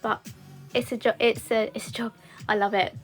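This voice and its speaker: Chatty young woman, higher voice. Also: flat delivery, normal speed, soft background music. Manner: chatty, rambling, with frequent fillers. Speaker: beauty content creator. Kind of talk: casual livestream chat while doing makeup.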